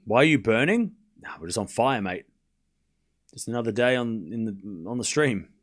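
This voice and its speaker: A man hosting a live tennis watchalong stream, giving rapid play-by-play calls and joking sarcastically with his chat. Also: on the low side, lively intonation. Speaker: stream host and commentator.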